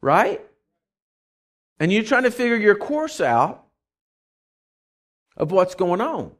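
Animated man preaching a folksy sermon. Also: high-pitched, takes it slowly. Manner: animated storytelling, acts out voices; folksy, conversational.

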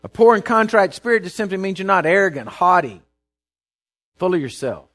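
A middle-aged pastor preaching to his church in a slightly high voice. He booms some passages and drops others to a near-confiding hush. His folksy delivery keeps checking in with the congregation. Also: big pitch swings, a little fast. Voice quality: swings from loud declaring to low confiding. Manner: folksy and conversational, calls out to the congregation. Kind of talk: sermon.

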